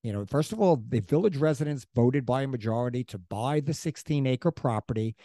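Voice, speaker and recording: A man's voice: medium pitch, lively intonation, fairly quick, warm tone, dry recording. A man co-hosting a podcast, telling local history in a chatty, rambling way with restarts and asides. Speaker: podcast co-host. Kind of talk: casual chat about local history.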